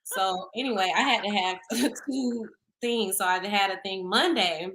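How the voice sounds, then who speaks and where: Woman in her 30s, bright voice, tells stories animated and laughing. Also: medium pitch, unhurried. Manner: animated storytelling, laughing often, acting out quotes. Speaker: podcast co-host. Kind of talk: casual chat.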